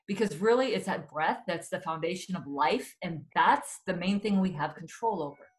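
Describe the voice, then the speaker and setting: A woman with a somewhat low voice talks as a webinar guest. She explains things earnestly and at length, now and then stopping to correct herself. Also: moderate pace, hardly any pauses, rough recording. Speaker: anxiety expert guest. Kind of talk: webinar conversation.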